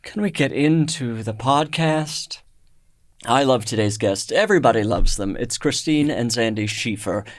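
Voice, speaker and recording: Deadpan man hosting a comedy podcast. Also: mid-range voice, a little slow, dry recording. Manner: deadpan absurd jokes. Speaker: podcast host. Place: studio.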